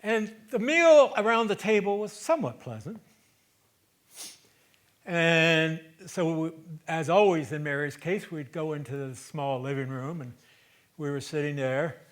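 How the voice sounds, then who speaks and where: Man in his 70s, solo stage monologue, slightly high voice, conversational, loud then hushed. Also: a little slow. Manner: conversational, swings between loud emphasis and hushed asides. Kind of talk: theatrical storytelling monologue. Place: theater stage.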